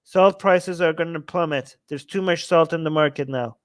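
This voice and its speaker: A man's voice: a little high, moderate pace, clean tone, no echo. A man hosting a livestream, commenting on the chat in a sarcastic, mocking way. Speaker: livestream host.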